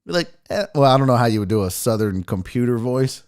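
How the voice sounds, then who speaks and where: A man's voice: mid-range voice, lively intonation, quick pace, a little mellow, clear, resonant tone. A man from the American South hosting a casual sports talk livestream, brash and profane, joking and chatting with his viewers. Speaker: sports talk show host.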